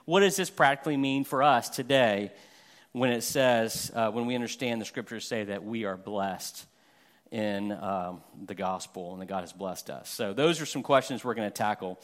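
Animated middle-aged male preacher. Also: lowish voice, moderate pace. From Florida. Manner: conversational, self-deprecating humor with animated examples. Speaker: guest pastor. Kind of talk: sermon.

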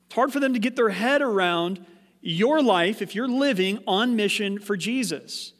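A man with a high voice preaches a sermon to his congregation, animated and full of rhetorical questions. His voice rings with the long reverb of a church hall. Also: normal speed. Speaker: pastor.

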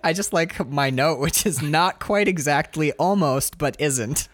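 A man's voice: fairly high pitch, measured pace, a bit bright, no echo, studio quality. A man co-hosting a casual movie recap podcast, acting out lines from the film in silly voices. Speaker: podcast co-host.

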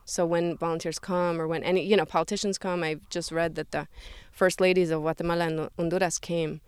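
A woman talks as an interview guest in an earnest, flowing way, dropping "like" and "right?" as she goes. Her voice sits a little low and sounds smooth. The recording is close and dry. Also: level tone, a little fast, few pauses, dry recording. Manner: earnest, fluent, many fillers like 'like' and 'right?'. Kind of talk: conversational interview.

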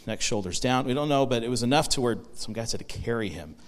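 A man of middle pitch gives a sermon in a relaxed, conversational manner, posing questions to his listeners and restarting sentences as he goes. His voice carries a long reverb from a large hall. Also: fast. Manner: conversational preaching, frequent restarts and rhetorical questions. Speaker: pastor.

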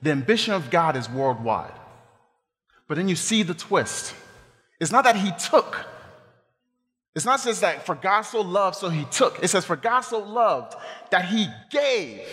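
Guy preaching, pitch swooping all over, a bit high, big echoey hall sound. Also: a little slow, long pauses, soft background music. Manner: animated preaching with asides and humor. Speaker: pastor. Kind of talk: sermon.

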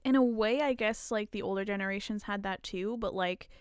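Young woman, podcast co-host, casual chatty talk, smooth voice, dry close mic. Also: medium pitch, a little fast, no room sound. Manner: chatty, lots of "like". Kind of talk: casual chat.

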